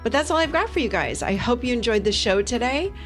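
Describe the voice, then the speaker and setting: A middle-aged woman hosting a solo podcast as a therapist, gently coaching listeners through exercises. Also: fairly high pitch, expressive, fast talker, soft background music. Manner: gentle, coaching, speaks imagined dialogue softly.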